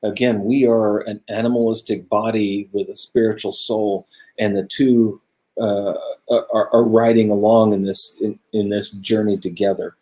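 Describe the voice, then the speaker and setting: A man with a somewhat low voice talks through scripture in a relaxed study chat. He sounds earnest and thoughtful, and he grows animated when he drives a point home. He speaks close to his own camera. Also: measured pace. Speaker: co-host of a religious discussion show. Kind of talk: casual Bible study discussion. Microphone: own camera close by, video stream.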